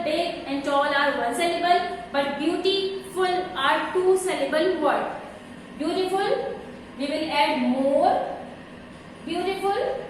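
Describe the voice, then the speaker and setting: A woman with a Pakistani accent teaching English grammar, spelling out letters and repeating her examples slowly. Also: very high voice, slight background noise. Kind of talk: recorded classroom lesson. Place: classroom. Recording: echoey room, far from the mic.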